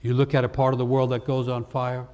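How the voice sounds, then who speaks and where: A man's voice: medium pitch, monotone, quick pace, a little mellow, smooth, long reverb tail. A man speaking in an earnest, reflective way.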